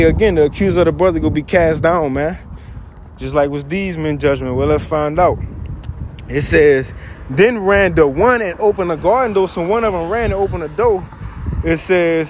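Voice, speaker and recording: High-voiced man teaching scripture casually. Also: slight background noise. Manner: reads verses aloud, then paraphrases in loose slang; animated, chuckles often. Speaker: bible teacher.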